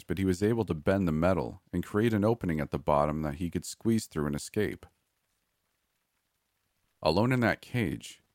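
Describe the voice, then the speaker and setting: A man narrating a first-person horror story in a measured, grim way. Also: low-pitched, no echo, clean studio sound.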